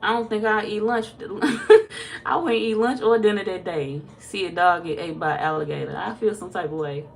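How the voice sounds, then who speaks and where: A woman tarot reader casually chatting with viewers on a livestream, reading their comments aloud, laid-back and quick to laugh. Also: medium pitch, vocal fry.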